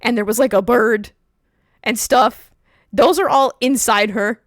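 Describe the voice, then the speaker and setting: A woman's voice: fairly high pitch, measured pace, dry recording. Laughing woman streamer, dry close sound. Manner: animated, laughs often while explaining. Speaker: streamer host. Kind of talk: casual stream chat.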